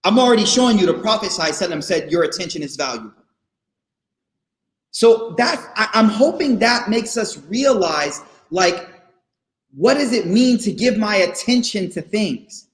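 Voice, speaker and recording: Guy giving a laid-back faith talk to students, pretty high voice, lots of slang and repeats, roomy echo. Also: moderate pace. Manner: slangy and animated, repeats phrases for emphasis. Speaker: guest speaker at a faith session for students. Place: online session, room not known.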